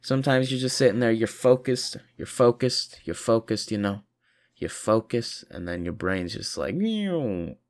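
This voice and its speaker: A man's voice: lowish voice, fairly even intonation, normal speed. A tired man rambling profanely through a casual video monologue, short on sleep. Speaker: vlogger.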